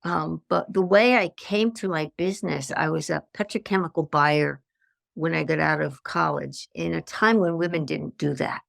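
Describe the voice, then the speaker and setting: An older woman tells her story as a podcast guest, slipping into the voices of the people she quotes. Her voice is low and heavily gravelly with lots of fry. The sound is close and dry, with no room around it. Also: moderate pace, no room sound. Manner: animated anecdotes with acted-out quotes. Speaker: guest, stress management consultant.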